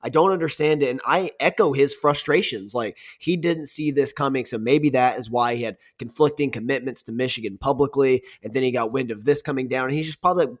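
A man's voice: mid-range voice, a little fast, few pauses. Laid-back sports podcast co-host, man. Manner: laid-back, agreeable chatter with "man" and "dude". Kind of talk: casual sports talk.

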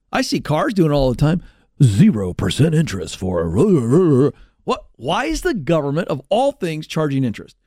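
Male talk-show host, high animated voice, sarcastic rant, dry studio mic. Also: no room sound. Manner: sarcastic and ranting, big swings in pitch. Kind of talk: sarcastic opinion monologue. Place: radio studio.

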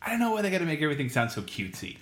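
Sarcastic man with a lively voice. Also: on the high side, very fast. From United States. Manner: sarcastic, steers the discussion. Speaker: podcast co-host. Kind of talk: casual chat.

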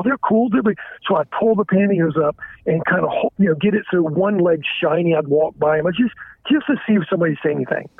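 A man calling in, talking frankly and haltingly with stumbling restarts. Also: sits high, no room sound. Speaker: caller. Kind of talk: candid confessional phone talk. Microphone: telephone. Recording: tinny phone line.

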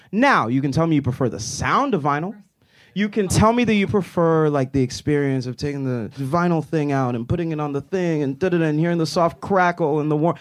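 A man's voice: on the high side, fairly quick. A young man co-hosting a comedy podcast, ranting in a casual, emphatic, argumentative way. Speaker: podcast co-host.

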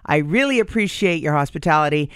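A woman's voice: sits low, animated, fast, clean tone, no room sound. A woman hosts a radio comedy show, rambling cheerfully through her anecdotes. Her voice sits in a dry studio with no room sound. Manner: chatty storyteller. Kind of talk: casual radio chat.

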